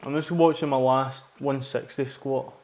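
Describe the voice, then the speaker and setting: A man's voice: medium pitch, fairly even intonation, moderate pace, a little mellow, echoey room. A Scottish man chatting casually and rambling while training in a gym, swearing often and repeating himself. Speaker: livestreaming gym-goer.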